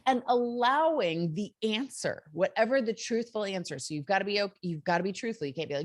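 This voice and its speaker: A woman's voice: mid-range voice, a little fast, hardly any pauses, dry recording, studio quality. A woman hosting a motivational self-help talk, earnest and conversational, with many fillers. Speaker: host.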